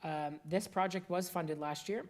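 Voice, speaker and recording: A woman's voice: on the low side, fairly even intonation, measured pace. A woman with a Boston accent chairing a council meeting, talking casually and businesslike with fillers. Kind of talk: public meeting discussion.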